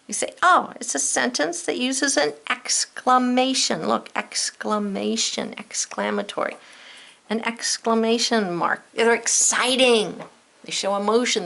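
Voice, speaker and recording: Animated teacher woman, gravelly bright voice. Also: mid-range voice. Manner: animated, encouraging, speaks directly to kids. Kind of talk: children's lesson to camera.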